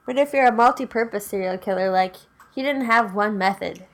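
A woman's voice: mid-range voice, brisk. A young woman in casual chat about horror films, dry and matter-of-fact.

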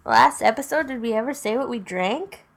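A woman's voice: a little high, normal speed, creaky. A woman co-hosting a casual podcast chat, joking dryly with sarcastic asides, a little tipsy. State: tipsy from drinking. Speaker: podcast co-host. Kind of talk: casual chat about a horror movie.

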